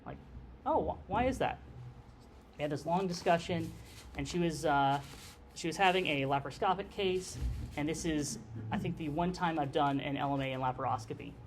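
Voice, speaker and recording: A man's voice: fairly high pitch, a little fast, slight background noise. A man giving a lecture on airway anesthesia in a conversational way, often checking in with the class by asking "okay?". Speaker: nurse anesthesia instructor.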